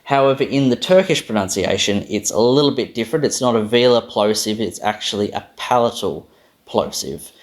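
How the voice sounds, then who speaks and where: A man's voice: lowish voice, lively intonation, brisk. A man with an Australian accent giving a casual, self-deprecating explainer on pronunciation, stopping to say sounds aloud. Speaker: language video host.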